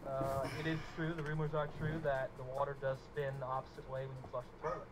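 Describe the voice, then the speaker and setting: A man's voice: flat delivery, quick pace, close to an everyday voice. A man putting on a jokey Australian persona who greets his mates in a raised, hammy voice over a noisy live stream recording. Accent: put-on Australian. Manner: jokey, hammy, higher put-on voice.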